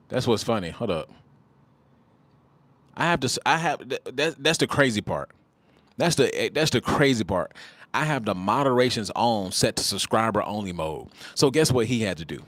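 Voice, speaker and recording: A man's voice: medium pitch, lively intonation, normal speed, pauses often, a bit bright, dry recording. A man in his twenties hosting a casual livestream, talking bluntly with mocking, slangy banter and repeated phrases. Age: 20s. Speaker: livestream host.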